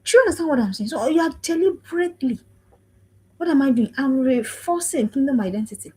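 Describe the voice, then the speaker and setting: Delivering a preaching talk on parenting, this African woman of around forty has a high-sitting, expressive, mellow voice and a quick pace. She speaks emphatically, repeating phrases and checking that her listeners understand, over low-quality livestream audio.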